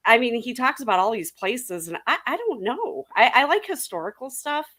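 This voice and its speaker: A woman's voice: fairly high pitch, sing-song, moderate pace, a bit bright. A woman in a casual panel chat who talks in a chatty way, laughs easily and uses many fillers.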